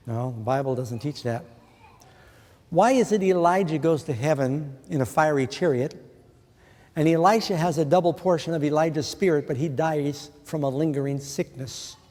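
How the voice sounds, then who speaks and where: A man's voice: a little high, moderate pace, dark tone. Man preaching in a reverberant hall. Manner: earnest, asks the listeners questions. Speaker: pastor. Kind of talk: sermon.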